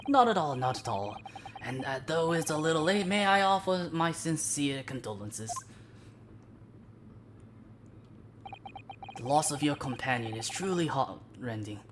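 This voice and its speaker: A woman doing a theatrical posh British gentleman detective. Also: deep voice, very animated, moderate pace, noisy background. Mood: gracious. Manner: theatrical, grandly playful. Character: flamboyant eccentric British male detective. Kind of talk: live game dialogue reading. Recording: voice over loud game music.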